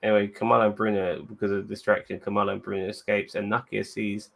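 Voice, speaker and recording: A man's voice: on the low side, flat delivery, quick pace, creaky, a bit bright. A man hosting a podcast, giving a rambling, laid-back and profane recap of a TV episode. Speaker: podcast host.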